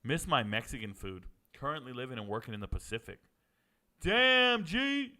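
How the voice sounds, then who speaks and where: A man from Georgia hosting a live sports watch party, chatting and joking with viewers and reacting loudly to plays. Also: medium pitch, fast. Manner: joking banter with chat, excited outbursts. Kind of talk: casual live-stream commentary.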